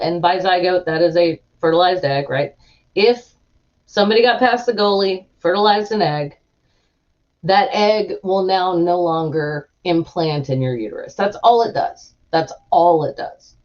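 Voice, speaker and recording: A woman chatting casually to live viewers as host, telling stories animatedly. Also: mid-range voice. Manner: animated storytelling, acts out voices of people in her anecdotes. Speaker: livestream host. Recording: muffled lo-fi stream audio.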